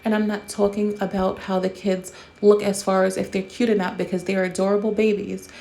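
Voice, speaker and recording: Woman host, warm low-key tone, blunt and profane, casual commentary. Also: little pitch movement, fairly quick, gravelly.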